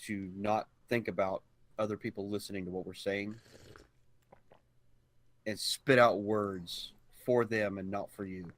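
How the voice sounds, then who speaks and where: A man's voice: lowish voice, fairly even intonation, unhurried, long pauses. A man co-hosting a gaming podcast in casual chat, talking bluntly and emphatically, swearing freely. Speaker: podcast co-host.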